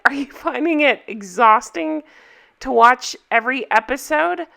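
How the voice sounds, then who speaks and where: Woman vlogger, TV reviews, casual to-camera chat; bright and crisp, expressive, laughs easily. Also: sits high, a little slow. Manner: chatty and expressive, laughs often.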